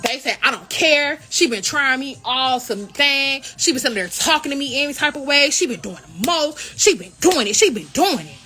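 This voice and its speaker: A young woman with a high, bright voice tells a story in a casual vlog. She retells the events indignantly and acts out the quoted lines with energy. Faint music plays underneath. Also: sing-song, normal speed, hardly any pauses. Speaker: college royal court member.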